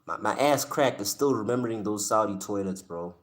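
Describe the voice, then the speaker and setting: On the low side and a little fast, this voice belongs to a South African live-stream host. He's slangy and joking, laughs frequently, and speaks straight to his chat while reacting to it.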